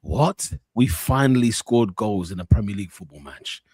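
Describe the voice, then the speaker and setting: A man, co-hosting a casual football podcast with animated slang banter. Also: on the low side, moderate pace, husky, no room sound. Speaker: podcast co-host.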